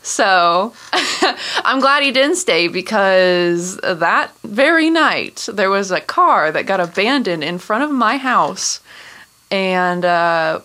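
A woman with a bright, forward voice at a middle pitch tells stories in a relaxed, chatty way. She laughs between lines and leans on "like" as she goes. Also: slow. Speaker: guest. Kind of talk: casual storytelling.

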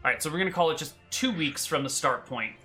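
A man's voice: fairly high pitch, expressive, fast, pushed and bright, faint music behind. A man narrating a tabletop game as game master in a casual, rambling way with many fillers.

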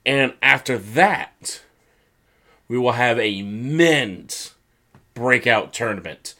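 Male podcast co-host, mid-range voice, chatty recap style, animated impressions. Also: slow. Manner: animated retelling, acts out quoted lines in high mock voices. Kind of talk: casual chat.

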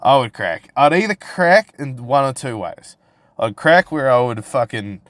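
A brash young New Zealand man rants on his own podcast, swearing freely and goading his listeners. His voice sits at a middling pitch and sounds close and dry, with no room around it. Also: no room sound. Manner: crude, profane and provocative, full of restarts. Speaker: podcast host. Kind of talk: casual solo podcast rant.

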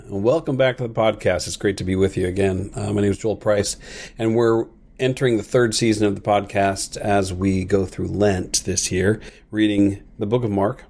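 Mellow, husky man giving a devotion. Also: lowish voice, fairly even intonation. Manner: earnest, thoughtful, unhurried. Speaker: podcast host giving a daily devotion. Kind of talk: reflective devotional talk.

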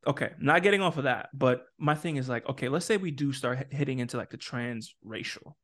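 A man's voice: medium pitch, brisk. A man co-hosting a casual podcast chat, talking emphatically, often laughing and working out his points aloud as a parent with opinions. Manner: animated, emphatic, laughs often, restarts and asks for words. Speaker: podcast co-host.

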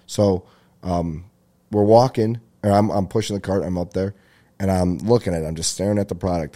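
Young male comic host, low relaxed voice, loose rambling podcast delivery. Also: measured pace, long pauses. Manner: rambling, jokey, swears, laughs at own bits. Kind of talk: casual comedic monologue.

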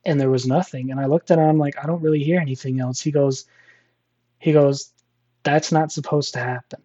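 A man's voice: a little high, fairly even intonation, fairly quick, dark tone, highs cut off. A man casually telling a personal story, rambling with many fillers and restarts. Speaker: storyteller guest.

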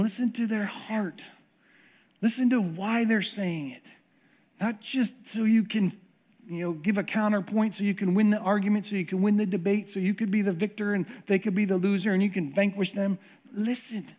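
A pastor preaching a conversational sermon, often repeating words and acting out what people say. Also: male voice, high-pitched, darkish tone.

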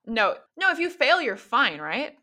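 A woman's voice: sits high, very animated, sharp tone. A woman narrating as game master of a tabletop role-playing game, chatty and full of fillers. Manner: quick, chatty, lots of fillers.

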